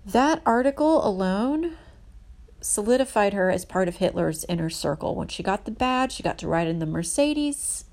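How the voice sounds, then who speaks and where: A woman narrating history from her notes in a casual, earnest way, emphatic and halting with many restarts. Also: medium pitch, expressive, a little mellow, a little hiss or hum.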